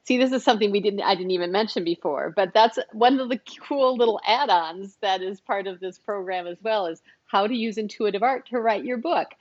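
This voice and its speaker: A woman's voice: medium pitch, fairly quick, few pauses, darkish tone, dull audio. A woman hosting an interview in casual chat, enthusiastic and rambling with restarts. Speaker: host.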